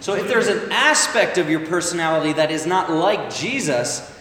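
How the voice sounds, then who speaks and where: Preacher, male, slightly high voice, chatty sermon full of "right?", long echo. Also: lively intonation, normal speed, fairly bright tone, a little hiss or hum. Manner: conversational, asks the crowd "right?" often. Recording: echoey hall, voice from far off. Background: congregation calling back.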